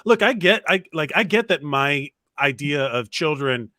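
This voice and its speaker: Bright-voiced man joking on a podcast. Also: on the high side, animated, unhurried, no echo, studio quality. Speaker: podcast co-host. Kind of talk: casual podcast chat.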